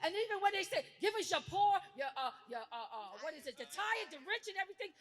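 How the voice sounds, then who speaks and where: A woman speaking at a rally as an activist, indignant and forceful, rising to shouts, with a casual turn of phrase. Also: extremely high pitch, sing-song, fast. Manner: casual speech with "y'all" and "I'ma". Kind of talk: impassioned rally speech.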